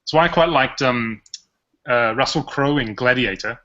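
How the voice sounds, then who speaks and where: A man's voice: medium pitch, measured pace, bright, forceful tone. A man with an Australian accent hosting a podcast in casual, rambling, jokey chat. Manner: rambling, jokey, chuckles often. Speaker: podcast host. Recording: dull lo-fi podcast audio.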